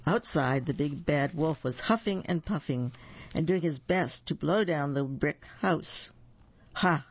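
A man's voice: fairly high pitch, a little slow, lo-fi sound. A man reading a picture book aloud, adding playful asides as he tells the story.

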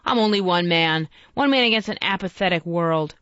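A woman's voice: fairly low pitch, a little fast, a bit bright, no room sound, lo-fi sound, close to an everyday voice. A woman reading aloud and voicing a troubled, impassioned Victorian author who speaks in an earnest, oratorical way.

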